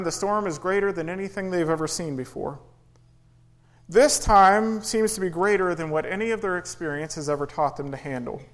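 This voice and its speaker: A man's voice: high-pitched, a bit bright, low-quality recording. A man preaching a sermon in an earnest way, rising and falling for emphasis and acting out quoted pleas. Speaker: pastor.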